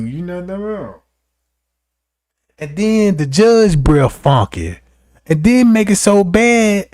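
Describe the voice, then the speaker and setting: A young man with a high and very lively voice tells a raunchy comic story, constantly checking in with the listener. His delivery is loose and profane, with big swings in his pitch. The sound is dry and close. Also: normal speed, no echo. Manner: animated, profane, keeps asking "you know what I'm talking about". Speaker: streamer telling a story. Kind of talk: comedic storytelling.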